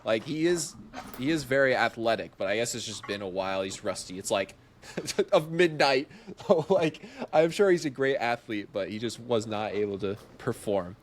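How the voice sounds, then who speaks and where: A young man guesting on a podcast narrates a story in a relaxed, spirited way, laughing often and acting out others' words. His pitch is medium, his pace moderate, and there's slight background noise.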